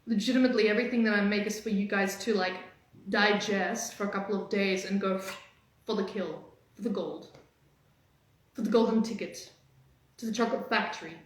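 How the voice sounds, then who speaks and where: In a very echoey room, a woman who works as a dating coach livestreams a lively, playful pep talk, her pitch darting up and down rapidly.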